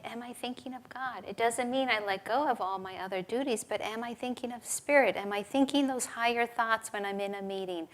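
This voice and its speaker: A woman giving a relaxed, conversational sermon at a spiritual service, telling stories and laughing now and then. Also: medium pitch. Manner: conversational, with laughs and acted quotes. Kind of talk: sermon with storytelling.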